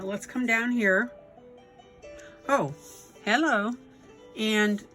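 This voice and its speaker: A woman's voice: mid-range voice, sharp tone. A woman giving a step-by-step coloring tutorial, encouraging and often checking in with "okay?" and "right?". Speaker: coloring instructor.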